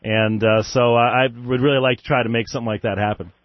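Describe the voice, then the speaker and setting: A man's voice: mid-range voice, quick pace, dry recording. A man hosting a radio call-in show, chatting casually with callers, often chuckling and full of fillers. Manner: lively, chuckling, many fillers. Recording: dull dry radio sound.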